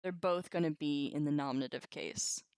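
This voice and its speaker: A woman's voice: low-pitched, moderate pace, darkish tone, no room sound, clean studio sound. A woman teaching a language lesson on a live stream, chatty, laughing often and reacting to viewers' comments.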